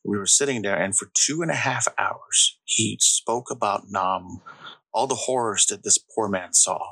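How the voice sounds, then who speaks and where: A man co-hosting a podcast, telling stories in a casual, animated way and acting out the quotes. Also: fairly low pitch, unhurried, creaky, husky, dry recording, poor audio. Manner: animated storyteller, acts out quotes. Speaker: podcast co-host.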